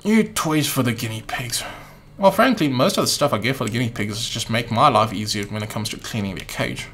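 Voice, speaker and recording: A man's voice: mid-range voice, fairly quick, fairly bright tone. A man streaming a game, offhand and wry, thinking aloud as he plays. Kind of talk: casual let's-play commentary.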